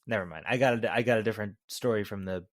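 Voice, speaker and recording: A man's voice: on the low side, steady tone, quick pace, dry recording, clean studio sound. A man co-hosting a podcast, chatting casually about a film in a loose, rambling way and correcting himself as he goes. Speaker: podcast co-host. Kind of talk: casual movie review chat.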